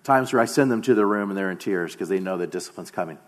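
A man in his thirties preaching a sermon as pastor, earnest, often slowing down and dropping to a quiet voice for emphasis. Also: low voice. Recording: long hall reverb.

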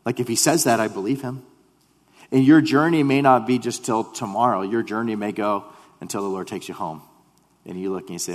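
A man preaching a sermon in an earnest way, repeating himself and dropping to a hush when he voices quoted prayers. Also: on the low side, fairly quick. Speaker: pastor. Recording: long hall reverb.

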